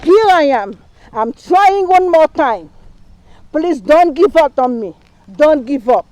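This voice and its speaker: A woman's voice: high voice, expressive, takes it slowly, a little mellow, no room sound, rough recording. A middle-aged woman whose first language is not English gives an impassioned campaign speech as a town council candidate, repeating herself and stumbling over words. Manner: impassioned, repetitive, speaks non-native English with slips. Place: live stream rally.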